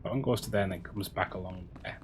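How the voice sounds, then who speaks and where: Male game streamer, lowish voice, loose and halting with lots of restarts, quiet hum behind. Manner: halting, chatty, many restarts, answering chat. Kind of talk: casual stream chat while gaming.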